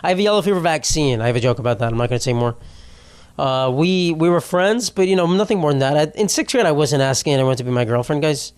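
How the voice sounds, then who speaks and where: A man's voice: a little high, lively intonation, fast talker, clean tone. Rambling, swearing young man hosting a podcast. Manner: rambling, self-deprecating, swears often and laughs mid-sentence. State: tearful after a loss. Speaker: podcast host. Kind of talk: casual solo podcast monologue.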